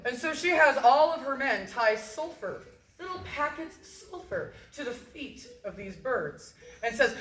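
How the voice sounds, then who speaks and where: A woman telling a story live to an audience, in a lively, joking, casual way. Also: sits high, measured pace. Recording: roomy echo.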